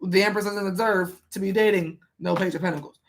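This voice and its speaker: A woman gives a casual tarot reading in a chatty, emphatic voice of middle pitch. She keeps putting questions to the cards aloud and talks straight to the viewer. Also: steady tone, fairly quick. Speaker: tarot reader.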